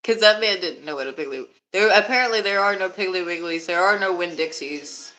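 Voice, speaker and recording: A woman's voice: on the low side, fairly quick, sharp tone, rough recording. A young woman from Alabama chatting casually on a live stream, laughing often and swearing freely.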